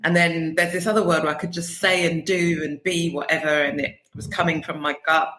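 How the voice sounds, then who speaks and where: A woman talks about her writing as a podcast guest, chatty and thoughtful, with lots of fillers. Her voice is bright and lively. The sound carries the echo of a roomy space. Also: low voice, brisk. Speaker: debut novelist guest. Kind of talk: casual interview.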